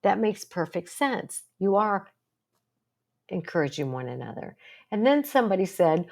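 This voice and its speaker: Speaking casually to camera, this older psychologist and support group host has a medium-pitched, sing-song voice with vocal fry and a slightly mellow quality. Her pace is moderate, and her earnest storytelling is full of rhetorical questions.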